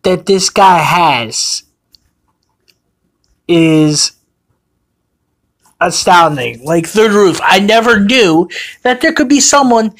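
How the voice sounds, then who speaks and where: A man's voice: sits high, expressive, slow pace, pauses often, fairly bright tone, low-quality recording. A man hosting a commentary video, ranting indignantly and with profanity, often restarting his phrases.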